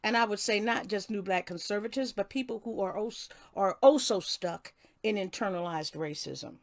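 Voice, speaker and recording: A woman's voice: medium pitch, normal speed, dry recording, clean studio sound. An older woman hosting a casual live stream, reading a passage and then greeting viewers by name with many restarts. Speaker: livestream host.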